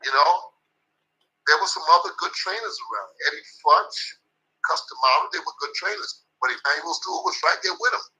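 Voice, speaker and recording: A man's voice: fairly high pitch, lively intonation, fairly quick, bright, forceful tone, low-quality recording. An older man, a boxing trainer, telling stories in an interview in an emphatic, profane, repetitive way. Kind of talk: storytelling interview.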